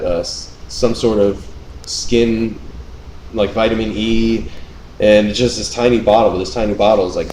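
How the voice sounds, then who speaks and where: A young man hosting a casual podcast, telling a long, profane, animated story about a lazy coworker. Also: lowish voice. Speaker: podcast host. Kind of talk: casual chat. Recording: echoey room, faint noise.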